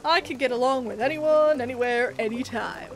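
Game read-along: a streamer doing a chatty old uncle frog, boastful, high and loud. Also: female voice, normal speed, close to an everyday voice. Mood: wistful. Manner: boastful, reminiscing.

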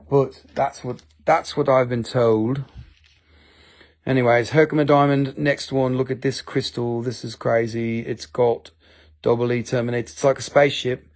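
A man's voice: medium pitch, darkish tone. A man with an Appalachian accent hosting a live-stream sale, rambling, joking at his own expense and swearing freely. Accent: Appalachian American. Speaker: live-stream crystal seller. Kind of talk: casual live-selling chat.

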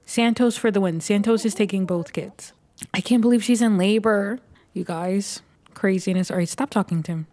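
A woman's voice: medium pitch, moderate pace. Chatty woman narrating her gameplay. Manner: chatty and excitable, narrating her moves as she plays. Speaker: gaming YouTuber. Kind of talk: let's play commentary.

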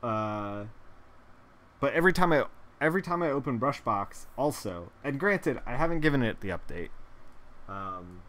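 While painting on a live stream, this digital artist talks in a relaxed, rambling way full of fillers, often laughing at his own jokes. He has a mid-range, fairly bright voice with lively intonation and a moderate pace.

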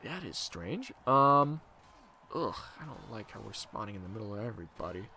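Bright-voiced excitable young man commentating. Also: normal speed, vocal fry, a little hiss or hum. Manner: excitable, swings into loud high-pitched outbursts when losing. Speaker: gaming video host. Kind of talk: casual gameplay commentary.

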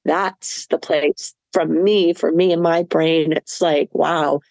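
A woman guest in an interview, telling a vivid story with laughter and animated asides. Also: deep voice, slow pace, dry recording. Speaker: marathon swimmer guest.

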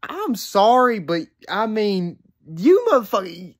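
A woman's voice: medium pitch, very animated, moderate pace, fairly bright tone. A woman reacting to clips in casual commentary, incredulous and swearing, laughing between remarks. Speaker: reaction video host.

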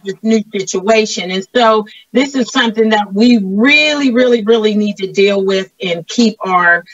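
A woman hosting a show, asking interview questions in a measured, earnest way. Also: medium pitch, dry recording. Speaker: show host. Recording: distant, dull, dry lo-fi audio.

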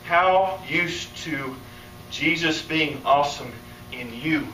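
A man preaching a conference sermon, animated and playful, acting out the voices he quotes. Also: a little high, slow. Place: conference hall. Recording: echoey hall, distant mic, faint room noise.

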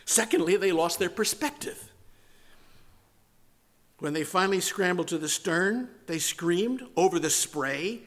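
A man with a rather high voice preaches a sermon as pastor. He swings between forceful emphasis and soft, almost whispered words. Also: lively intonation, measured pace, long pauses. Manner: dramatic shifts from loud to hushed, near-whispered words.

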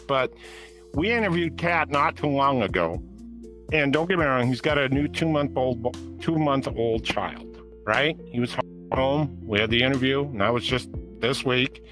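A man's voice: mid-range voice, bright, forceful tone, low-quality recording. A man co-hosting an interview show, chatting casually in a rambling, folksy way with loose grammar. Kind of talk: casual chat.

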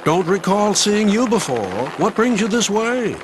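A man voicing a cheery, chatty male rescue helicopter in a high, breezy voice, with noise behind. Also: sing-song. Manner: breezy, brisk, friendly.

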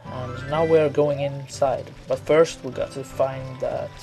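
A man's voice: mid-range voice, fairly even intonation, slow pace. A man casually commenting while playing a video game, rambling and mumbling asides with crude jokes. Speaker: gamer. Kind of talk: casual let's play commentary. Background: video game music.

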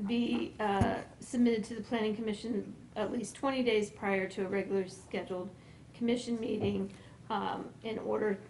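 A woman on planning staff explaining code amendments at a public meeting, methodical, pausing and restarting as she goes. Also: mid-range voice, a little mellow, slight background noise, poor audio. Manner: methodical, with frequent pauses and restarts. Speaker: planning staff member presenting to a commission. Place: meeting room.

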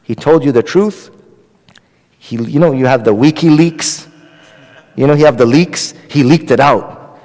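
A man's voice: mid-range voice, a little slow, pauses often, darkish tone, in a large hall, rough recording. A man preaching a Ramadan night sermon, retelling a story with dialogue. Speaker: Islamic preacher.

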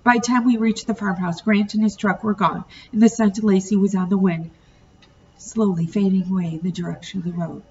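A woman teacher reading a novel aloud to her students, pausing to ask the class questions. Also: mid-range voice, steady tone, darkish tone. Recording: distant muffled home recording, faint hiss.

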